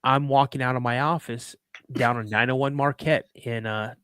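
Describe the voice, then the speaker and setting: A man's voice: mid-range voice, steady tone, moderate pace, a bit bright, smooth, no room sound. A man hosting a podcast, telling casual, rambling anecdotes and often restarting and repeating his words. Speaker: podcast host. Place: live podcast show.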